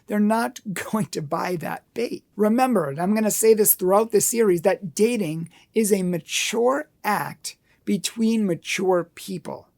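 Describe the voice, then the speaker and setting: Earnest gravelly-voiced man teaching. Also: high-pitched, a little slow, few pauses, a little mellow. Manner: earnest, acts out dialogue in asides. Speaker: Catholic dating teacher. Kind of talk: teaching talk.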